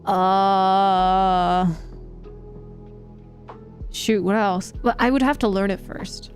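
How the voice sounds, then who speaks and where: A woman's voice: medium pitch, extremely slow, soft background music. A young woman live streamer chatting casually with her audience, laughing often and reacting to chat.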